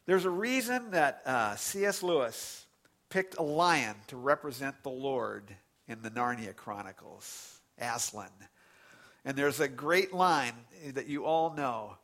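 A male pastor telling a lively story in a sermon, often laughing and jumping up in pitch, then praying in a quiet low voice. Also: slow pace. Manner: animated storytelling, laughing, voice leaping up on quoted lines.

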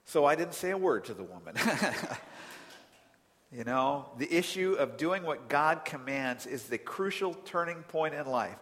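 Animated male preacher in a reverberant hall. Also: on the high side, unhurried. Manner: animated storyteller, swings from quiet to loud exasperation. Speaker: pastor. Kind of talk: sermon with personal story.

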